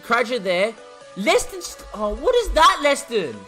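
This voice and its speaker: Guy streaming a football game, bright high voice, goes from mumbling to yelling. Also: unhurried, soft background music. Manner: excitable, swings from muttering to shouting. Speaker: gaming streamer. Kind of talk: live football game commentary.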